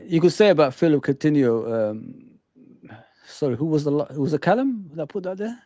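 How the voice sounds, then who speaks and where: Excitable man in a dry fan chat. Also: on the high side, moderate pace, no echo. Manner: animated, repeats himself, addresses the host by name. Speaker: guest.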